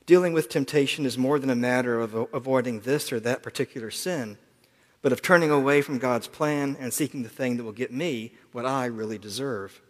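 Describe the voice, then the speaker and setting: A male preacher giving a reflective, earnest sermon at a mid-range pitch. He often drops into quieter asides. His voice carries a long reverb, as in a church sanctuary. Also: brisk.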